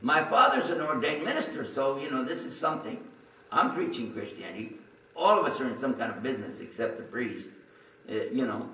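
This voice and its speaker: A man's voice: medium pitch, very animated, a little fast, bright, forceful tone. A man telling a personal story to an audience, chatty and full of asides. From Texas. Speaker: religious speaker telling his story. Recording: roomy sound from a distant mic.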